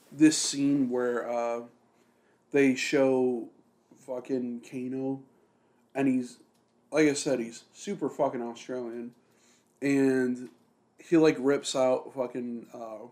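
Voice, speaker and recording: A man of middle pitch chats loosely on a podcast, full of fillers and swearing. His talk wanders as he goes. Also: dark tone. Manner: rambling, heavy swearing, many fillers. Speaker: podcast co-host. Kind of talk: casual chat.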